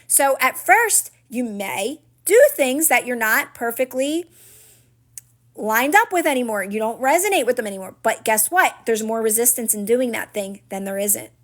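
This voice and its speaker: A woman's voice: a little high, expressive, moderate pace, fairly bright tone. A woman coaching her viewers during a live stream, earnest and encouraging, often checking in with "right?" and "guess what?". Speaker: manifestation coach. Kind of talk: live-stream talk answering viewers' comments.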